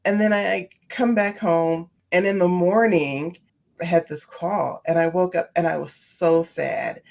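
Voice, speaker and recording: A woman on a podcast, earnestly telling a personal story, her voice leaping up in pitch when she gets animated. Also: measured pace, gravelly. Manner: earnest, repeats phrases for emphasis. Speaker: podcast guest, speaker on seizing the day.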